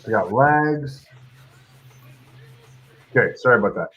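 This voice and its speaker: A man hosting a fight picks stream, loud and flustered, swearing at technical trouble. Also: mid-range voice, lively intonation, measured pace, lo-fi sound, noisy background. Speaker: host of a fight picks show. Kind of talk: casual livestream chat.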